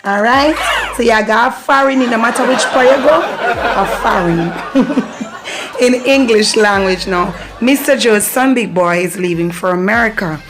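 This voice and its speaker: A woman's voice: on the high side, normal speed, a crowd in the background, noisy background. Playful Jamaican woman teaching patois. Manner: playful, laughs often, lilting patois phrases. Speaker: channel host teaching patois. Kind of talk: casual video lesson.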